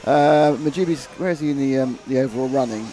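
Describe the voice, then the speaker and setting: A man's voice: mid-range voice, quick pace, dark tone. Chatty male race commentator. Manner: chatty, jokey, reads viewer comments aloud.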